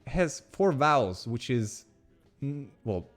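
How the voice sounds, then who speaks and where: A man with a Russian accent, speaking English as a second language and co-hosting a casual chat, meandering and halting as he explains things. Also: medium pitch, sing-song, faint music behind. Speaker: podcast co-host.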